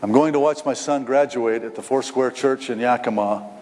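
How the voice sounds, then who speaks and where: A man's voice: moderate pace, a little mellow. Middle-aged guy pastor preaching, emotional, stammers and repeats himself, big echoey church hall. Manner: emotional, stammering repetitions, rising pitch when voicing the prodigal son. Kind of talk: sermon. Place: church stage. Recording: long hall reverb, faint noise.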